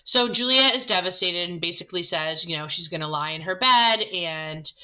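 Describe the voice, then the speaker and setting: A woman's voice: on the low side, normal speed, pushed and bright, rough recording. A woman casually explaining a play between passages she reads aloud, like a teacher. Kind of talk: reading a play aloud with plain-speech summaries.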